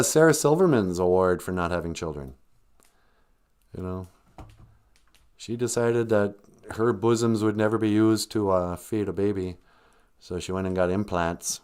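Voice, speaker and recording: A man hosting a comedy podcast in a lowish, unhurried voice, rambling through sarcastic jokes. His pitch swings widely while his words trail off into mumbled asides. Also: expressive, a little mellow, smooth. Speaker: podcast host.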